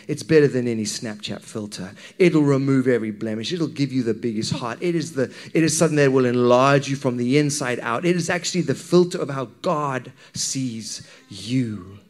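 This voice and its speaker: A man preaching a sermon to his congregation, talking in a candid, conversational way and often checking in with the listeners. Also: medium pitch. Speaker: pastor.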